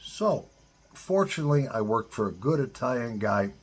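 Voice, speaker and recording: Blunt, very husky-voiced middle-aged man. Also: medium pitch, very animated, normal speed. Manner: blunt, profane, direct address to men. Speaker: advice-giver to divorced fathers. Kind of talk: casual advice monologue.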